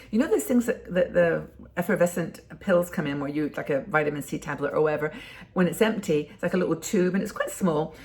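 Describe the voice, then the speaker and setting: A woman's voice: on the low side, vocal fry. A woman in her sixties giving casual, rambling advice to camera, full of ums and restarts. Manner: warm conversational, rambling with many ums and restarts. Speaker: host of a community for older women.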